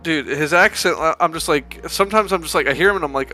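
Bright-voiced man in rambling podcast chat. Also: on the high side, faint music behind. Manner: rambling, swearing, drawn-out emphatic asides. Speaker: podcast co-host. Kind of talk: casual movie review chat.

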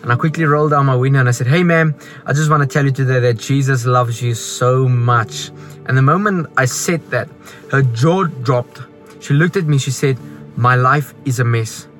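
A man's voice: medium pitch, normal speed, faint music behind. A South African man giving an earnest, preachy testimony as a travelling evangelist.

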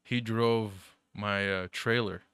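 A man's voice: on the low side, steady tone, slow pace, a bit bright, clear, resonant tone, no room sound, clean studio sound. A young man telling rambling, profanity-filled stories in casual chat, full of fillers.

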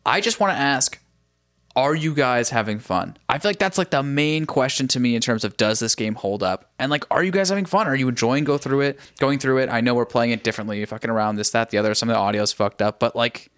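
A man in casual chat with friends, swearing a lot and expressive. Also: medium pitch, quick pace, clean tone.

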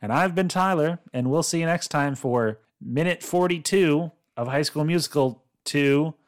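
A man's voice: on the high side, moderate pace. A man co-hosting a podcast in casual chat, joking and laughing often. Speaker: podcast co-host.

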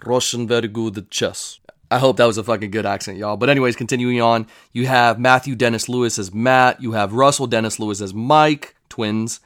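Brief: young male reviewer, mid pitch, dry close sound, loose rambling delivery, swears. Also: fairly even intonation, fairly quick, hardly any pauses, fairly bright tone, no room sound. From United States. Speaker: show reviewer. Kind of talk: casual show review.

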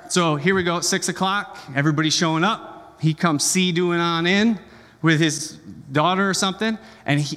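Male pastor, fairly high voice, casual joking sermon, long hall reverb. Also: a bit bright. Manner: conversational and joking, often checks in with "okay?".

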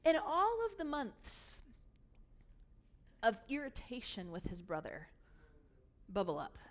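A woman pastor preaching a sermon, telling the story in an animated way and acting out its scenes. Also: fairly high pitch, slow.

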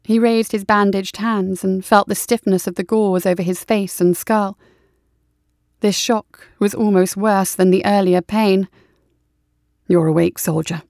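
A woman narrating an audiobook in a steady, even storytelling manner. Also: medium pitch, a little slow, no room sound, studio quality.

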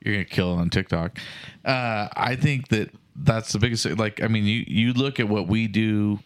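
Deep-voiced laid-back man, dry sound. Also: normal speed, no room sound. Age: middle-aged. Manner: laid-back, short agreeing interjections. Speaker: podcast co-host. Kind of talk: casual podcast chat.

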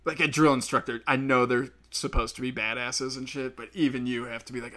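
A man rambling alone on his podcast, swearing freely, laughing at his own jokes and breaking into quick impressions of other people. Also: medium pitch, steady tone, bright, forceful tone. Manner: acts out quoted people in sudden bursts. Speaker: podcast host. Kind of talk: solo podcast rant.

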